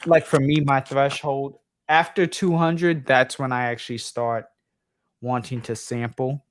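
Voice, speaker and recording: A man's voice: medium pitch, flat delivery, a little slow, a little hiss or hum. A man with a New York accent hosting a livestream, talking casually and rambling with lots of fillers, tired at three in the morning. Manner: rambling, many fillers and restarts. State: tired, late at night. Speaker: livestream host.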